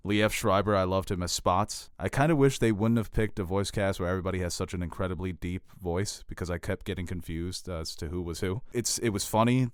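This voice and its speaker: A man's voice: deep voice, clear, resonant tone, dry recording, clean studio sound. A young man co-hosting a podcast, chatting casually with wisecracking, opinionated remarks. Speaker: podcast co-host. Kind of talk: casual chat.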